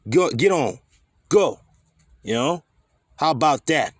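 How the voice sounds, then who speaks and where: A man's voice: on the high side, expressive, slow pace, no echo, clean studio sound. A man teaching scripture in a fiery, scolding way, swearing freely and firing rhetorical questions. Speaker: preacher.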